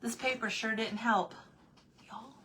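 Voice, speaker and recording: A woman's voice: fairly high pitch, steady tone, a little slow, bright, forceful tone, a little hiss or hum. A woman chatting casually with her livestream viewers while she paints at home, answering their comments and laughing often. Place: home room with desk.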